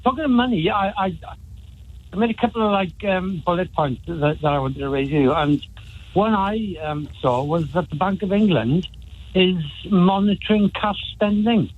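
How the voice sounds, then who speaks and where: A man's voice: high voice, moderate pace. A man calling a radio phone-in, stumbling and hesitating as he searches for words. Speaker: caller. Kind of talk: phone-in call. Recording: tinny phone line.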